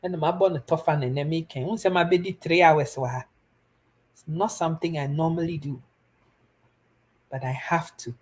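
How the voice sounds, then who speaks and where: Speaking to her viewers on a live stream, a young Ghanaian woman gives casual but earnest advice, pleading at times and switching between Twi and English. Her voice sits low and is a little mellow, with a moderate pace and long pauses.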